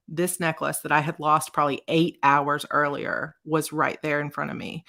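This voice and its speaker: A woman host in her thirties telling a personal story in a casual chat, emotional and close to tears, with halting restarts. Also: low-pitched, bright, forceful tone. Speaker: author and video host.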